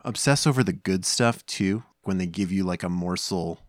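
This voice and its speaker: At normal speed and with a low-sitting voice, a man in his thirties co-hosts a podcast casually from home, rambling along with many fillers and restarts. There's slight background noise.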